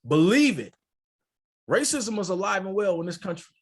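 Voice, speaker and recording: A man from Michigan, a podcast co-host, telling a story in casual, profane and animated chat. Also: high voice, fast talker. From Port Huron, Michigan.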